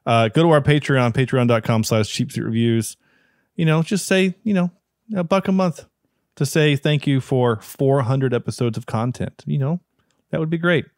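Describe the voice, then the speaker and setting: Male podcast host, mid pitch, dry close sound, eager rambling chat. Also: normal speed, darkish tone, dry recording. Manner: enthusiastic, rambling with restarts. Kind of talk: casual chat.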